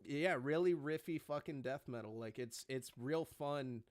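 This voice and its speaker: A man's voice: medium pitch, moderate pace. A young man co-hosting a casual chat, rambling, swearing and laughing often. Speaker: podcast co-host.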